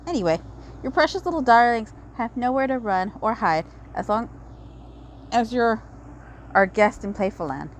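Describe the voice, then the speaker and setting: A woman's voice: fairly high pitch, expressive, unhurried, pauses often, slight background noise, low-quality recording. Smug, mock-polite male villain announcer, read by a woman. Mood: gloating. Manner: mock-courteous taunting announcer. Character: smug scheming male con-artist ringmaster. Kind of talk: reading game dialogue aloud.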